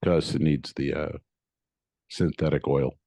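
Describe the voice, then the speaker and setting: A man co-hosting a comedy podcast, retelling a frustrating errand in an animated, swearing, storytelling way and acting out both sides of the exchange. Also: very deep voice, measured pace, no room sound, clean studio sound. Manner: swears casually, laughs often. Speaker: podcast co-host.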